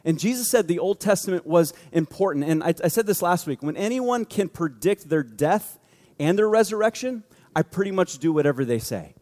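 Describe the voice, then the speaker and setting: A man's voice: high voice, animated, a little fast, a little mellow, long reverb tail. A man preaching a sermon as a pastor, in a conversational way, acting out the quoted voices in his stories.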